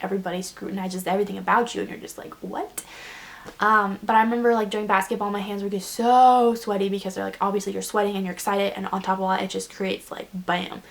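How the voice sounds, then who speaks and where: A woman's voice: mid-range voice, vocal fry. A young woman vlogging a casual confession, rambling and self-deprecating, close to tears. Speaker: beauty vlogger.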